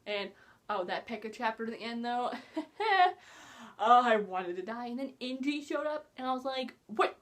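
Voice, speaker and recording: A young woman reviewing a book in a casual vlog, gushing and excitable, often breaking into giggles. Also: a little high, moderate pace.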